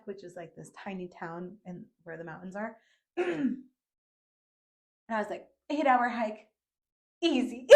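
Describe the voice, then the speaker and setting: A woman's voice: mid-range voice, fairly bright tone. Chatty young woman hosting a podcast. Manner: chatty, swears casually, laughs easily. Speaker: podcast host. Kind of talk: casual chat.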